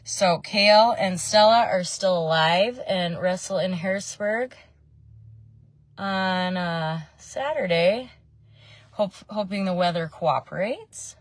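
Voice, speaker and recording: A woman's voice: on the low side, slow, dry recording. A woman in her thirties chatting casually while doing her makeup in a parked car, meandering between tips and family news with frequent ums. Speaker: makeup vlogger. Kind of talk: casual makeup tutorial chat.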